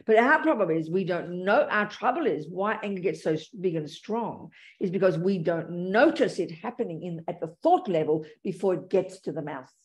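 A woman's voice: lowish voice, lively intonation, moderate pace, hardly any pauses. A woman Buddhist teacher giving a dharma talk and answering audience questions, speaking frankly and calling people darling and sweetie.

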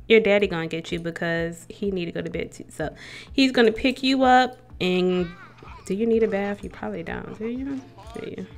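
A woman's voice: mid-range voice, normal speed, gravelly, highs cut off. A young woman gives casual gameplay commentary as a let's play host, chatting to her characters and to viewers.

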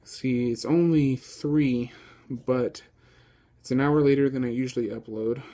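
A man's voice: medium pitch, measured pace. A man chatting casually to camera as a vlogger, easygoing and rambling with many ums and uhs. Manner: excitable, gushing. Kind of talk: casual vlog chat.

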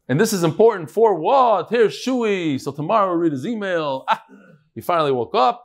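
A man giving a live Talmud lecture to a study hall, lively and joking, freely mixing in Hebrew and Aramaic terms. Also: sits high, normal speed. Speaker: Talmud class teacher.

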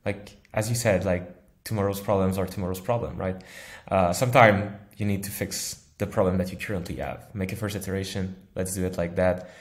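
Man, low voice, software engineer, thoughtful, laughs easily, casual interview. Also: steady tone, brisk.

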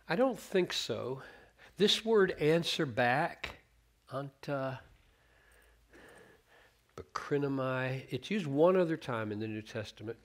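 A middle-aged man preaching a sermon, teaching on scripture in an earnest, animated way and quoting verses with changing emphasis. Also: a little high, takes it slowly.

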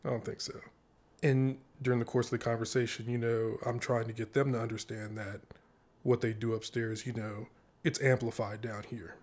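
A man vlogging, casually recounting a story with many "you know" fillers and lively, animated quoted dialogue. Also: mid-range voice, moderate pace. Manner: conversational, heavy "you know" fillers, animated when quoting others.

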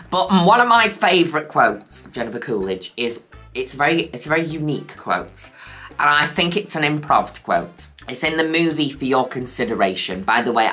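A woman with a very deep, bright-toned voice reviews makeup in a casual vlog. She gushes and jokes cheekily, and her pitch swings in a lively way. Soft music plays faintly under her talk. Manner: gushing, cheeky, chatty. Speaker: makeup vlogger.

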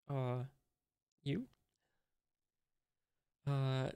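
A man's voice: fairly high pitch, little pitch movement, drawn-out words, long pauses, darkish tone, smooth, no room sound, clean studio sound. A man casually reading a comic aloud, hesitantly describing each panel as he figures it out. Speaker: host reading a manga aloud. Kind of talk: casual read-along commentary.

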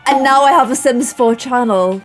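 A young woman with a Yorkshire accent, reacting to her old videos in an animated, self-mocking, exclamatory way. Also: high-pitched, normal speed, soft background music. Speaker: YouTuber host.

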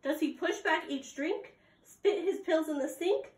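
A young adult woman teaching preschoolers at circle time, reading aloud and prompting them with gasps and questions. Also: very high-pitched. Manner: slow, sing-song, exaggerated gasps and prompts to children. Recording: echoey room.

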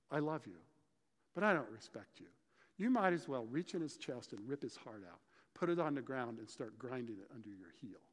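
A man preaching a sermon, explaining scripture and telling stories with lively, acted-out dialogue. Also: medium pitch. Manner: animated storytelling, acts out dialogue. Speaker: pastor. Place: church sanctuary. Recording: church hall reverb.

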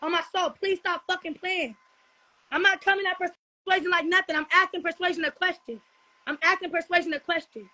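A woman's voice: very high voice, steady tone, brisk, pushed and bright. A young woman ranting on a livestream, profane and defensive, repeating herself. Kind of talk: heated livestream rant.

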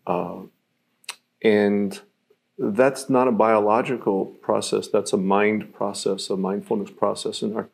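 A man's voice: lowish voice, steady tone, unhurried, gravelly, husky. A man giving a live-streamed self-mastery teaching talk, reflective and explaining through everyday examples, with many fillers.

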